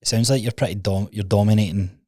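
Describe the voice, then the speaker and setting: A man with a low voice hosts the interview, asking thoughtful follow-ups at an easy pace. The sound is dry and close to the mic, with nothing around it. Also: steady tone, fast talker, dark tone, no room sound. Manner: reflective, asks thoughtful follow-up questions. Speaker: podcast host. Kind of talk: interview questions.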